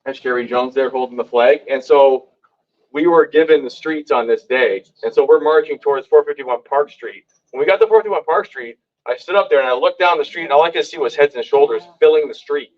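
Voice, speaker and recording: A man telling stories to a live audience at a community meeting, lively and acting out what others said. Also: fairly quick, dull audio. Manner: lively, acts out quoted lines with big pitch jumps. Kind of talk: animated storytelling to a live audience. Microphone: hand-held microphone.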